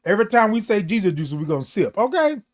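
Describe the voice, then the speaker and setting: This morning show host livestreams from home with Christmas decorations around him and the camera near his face. His high voice is sing-song and quick, and he's playful and chatty, drawling and greeting viewers by name.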